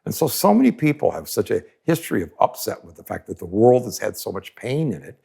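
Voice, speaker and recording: A man giving an animated teaching talk on a podcast, often acting out the people he quotes in sudden raised voices. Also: on the low side, gravelly, breathy edge. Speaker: podcast speaker teaching energy healing.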